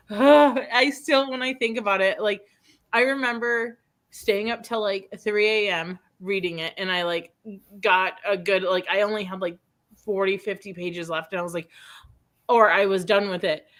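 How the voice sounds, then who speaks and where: A woman in her thirties hosting a casual chat, rambling through a personal story with lots of fillers and restarts. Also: mid-range voice. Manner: rambling storyteller, animated, quick laughs. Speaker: host.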